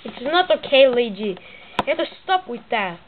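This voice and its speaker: A woman's voice: fairly high pitch, very animated, normal speed. A woman voicing a sulky, scolding male plumber in broken English, heard over a tinny, hissy line. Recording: tinny lo-fi with loud hiss.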